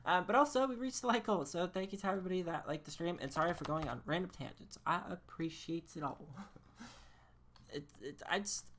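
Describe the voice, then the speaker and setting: A woman's voice: lowish voice, a little fast, a bit bright, slight background noise. A woman streaming a game, chatting casually in a rambling, incredulous way and laughing often. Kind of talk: casual live-stream chat.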